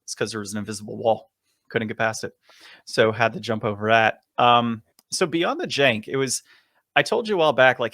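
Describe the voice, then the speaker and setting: A man co-hosting a podcast, telling a long story in a casual, animated way and chuckling often. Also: mid-range voice, fairly quick, no echo, studio quality. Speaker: podcast co-host.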